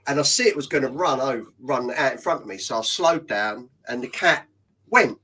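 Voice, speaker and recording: A middle-aged British man telling funny stories in casual chat. He talks in an animated way, laughs as he goes and swears freely. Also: mid-range voice, moderate pace, breathy edge, low-quality recording. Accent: British English.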